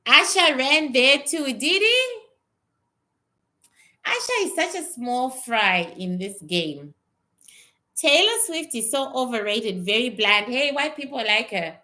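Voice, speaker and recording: A woman's voice: fairly high pitch, big pitch swings, slow pace, sharp tone. A woman talking casually on a livestream as a psychic reader, answering viewers bluntly and with some swearing, often repeating herself.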